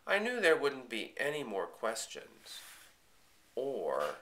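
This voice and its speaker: Guy reading a kids chapter book, bright voice, lots of ups and downs. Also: medium pitch, slow. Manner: expressive first-person narration. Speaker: audiobook reader. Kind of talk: storybook reading.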